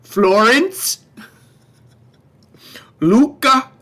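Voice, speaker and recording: A man's voice: extremely high pitch, lively intonation, sharp tone, voice pushed up, heavily acted. A wine shop host doing an exaggerated Upper Midwest man with a put-on Wisconsin accent, drawing out each word. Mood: hammy. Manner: drawn-out, hammy, laughing between words. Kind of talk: livestreamed wine tasting class.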